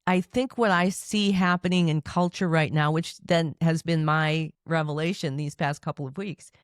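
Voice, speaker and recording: A woman's voice: low voice, fairly even intonation, normal speed, dry recording, clean studio sound. A woman guest on an interview podcast, a peace activist, speaking in a candid, chatty way and laughing at herself. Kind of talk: conversational interview.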